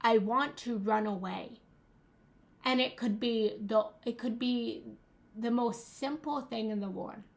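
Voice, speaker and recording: A young woman speaks as a relationship coach, earnest and emphatic, often circling back to repeat a phrase. Her voice sits fairly high. She takes her time, with slow, unhurried phrasing that lets each line land. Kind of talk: motivational talk to an audience.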